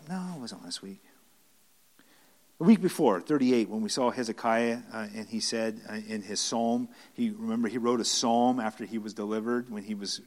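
A man preaching a conversational Bible-study sermon to a room of listeners, earnest and emphatic, often restarting and repeating phrases. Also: on the low side. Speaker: pastor teaching a Bible study.

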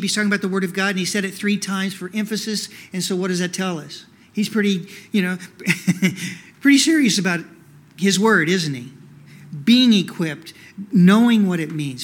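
A man's voice: high voice, a little fast, a bit bright. A male pastor preaching a sermon in a conversational way, asking rhetorical questions and using many "you know" fillers.

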